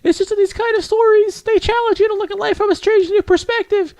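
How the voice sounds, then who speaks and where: A man voicing a shy, bookish teenage girl in a high falsetto, hesitant and apologetic, in a visual novel read-aloud. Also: fairly even intonation, fast, darkish tone, no room sound. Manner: hesitant, stammering, rambles then apologizes.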